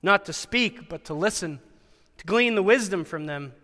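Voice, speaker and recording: A man's voice: sits high, animated, moderate pace, bright, forceful tone, long reverb tail. A man giving a chapel sermon at a Christian school, telling a Bible story with wry asides and dramatic voices for the quoted lines.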